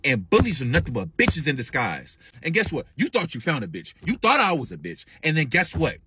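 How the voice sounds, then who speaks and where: A man's voice: on the high side, wildly swooping pitch, fairly quick, background noise. A man voicing a defiant, cocky teenage girl with a sassy, taunting delivery.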